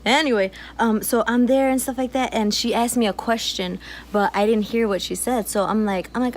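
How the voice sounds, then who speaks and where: A woman's voice: on the high side, a little fast, slight background noise. A woman co-hosting a casual chat, telling stories with lots of laughs and fillers. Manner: chatty storyteller, laughs often. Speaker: co-host. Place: outdoors.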